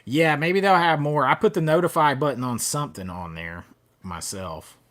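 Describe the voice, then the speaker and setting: On the high side and fairly bright, this man's voice moves at a normal speed. He's hosting a horror movie livestream, chatting casually over viewer comments and rambling with fillers and restarts.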